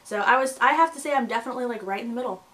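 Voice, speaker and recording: A woman's voice: on the high side, rapid-fire, fairly bright tone, low-quality recording. Chatty young woman vlogging. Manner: chatty, lots of fillers and likes. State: husky morning voice. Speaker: pregnant vlogger. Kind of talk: casual chat to camera.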